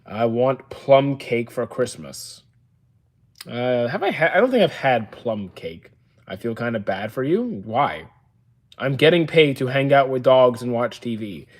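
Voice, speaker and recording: A man in his thirties, a streamer, casually reading viewer comments aloud and answering them with dry, deadpan replies from an indoor storage room. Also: mid-range voice, unhurried. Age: 30s. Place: indoor room used for storing action figures.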